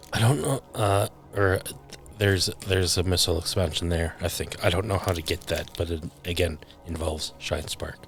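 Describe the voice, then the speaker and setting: A deep-voiced man talks slowly and haltingly as he comments on his game during a live stream. He hesitates often, filling gaps with "uh" and "like." Soft game music plays quietly behind him. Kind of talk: casual gameplay commentary.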